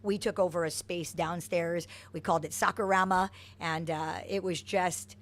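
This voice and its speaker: This is a middle-aged Hawaiian woman who coaches soccer, bringing lots of energy to stories about her past in an interview. Her pitch is fairly low and her pace moderate, and she tells her tales in an animated way.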